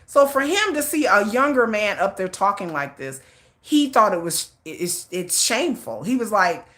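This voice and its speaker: A woman's voice: medium pitch, big pitch swings, moderate pace, fairly bright tone. A woman hosting a casual livestream, chatty and emphatic, often restarting phrases and talking straight to her viewers. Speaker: livestream host.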